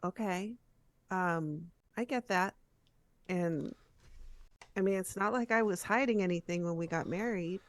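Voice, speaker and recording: A woman with a fairly low voice plays her character at a tabletop game. She answers calmly and hesitates now and then. Her recording is dry, with no room sound. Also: no echo. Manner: calm, halting replies. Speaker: player. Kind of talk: in-character tabletop role-play.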